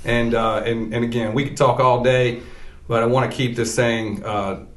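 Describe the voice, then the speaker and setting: A man's voice: medium pitch, flat delivery, normal speed. A male podcast host asking questions in a casual interview, eager and full of restarts and fillers. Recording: roomy echo.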